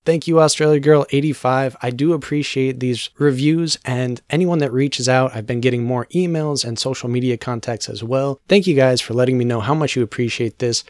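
A man hosting a podcast, speaking in even, measured conversation and addressing his listeners. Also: medium pitch, no room sound, studio quality. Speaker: podcast host.

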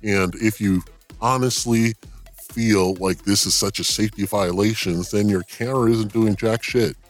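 A man's voice: lowish voice, fairly even intonation, normal speed, soft background music. A man guest-hosting a podcast, talking casually and ranting bluntly with profanity and laughing asides. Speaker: guest host. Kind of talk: casual podcast monologue and rant.

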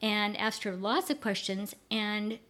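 A woman's voice: medium pitch, a little slow, fairly bright tone. An older woman chatting as a guest in an interview, enthusiastic and rambling, with frequent restarts. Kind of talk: casual conversational interview.

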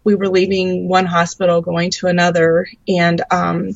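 Woman guest, faith testimony, earnest, halting, gravelly voice, dull lo-fi sound. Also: fairly low pitch, monotone, no echo. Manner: earnest, halting with frequent ums. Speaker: interview guest, mother.

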